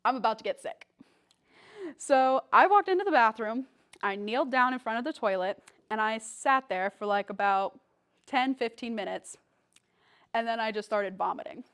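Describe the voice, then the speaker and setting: A woman's voice: a little high, a bit bright, smooth. A young woman, a guest speaker, telling a personal story to a church congregation in a casual, chatty way with many fillers. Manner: casual storytelling with fillers, acts out quoted lines.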